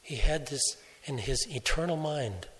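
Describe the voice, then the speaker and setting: A man preaching a sermon, telling a story slowly and deliberately, softening his voice for quoted speech. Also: medium pitch. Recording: long hall reverb.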